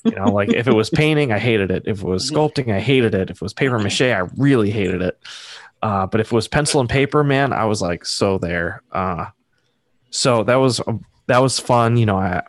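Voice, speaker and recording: A man's voice: fairly low pitch, animated, brisk, no room sound. A man in his thirties from Massachusetts, chatting casually as an artist guest, rambling with lots of fillers. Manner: rambling, filler-heavy, self-deprecating. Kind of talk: casual interview chat.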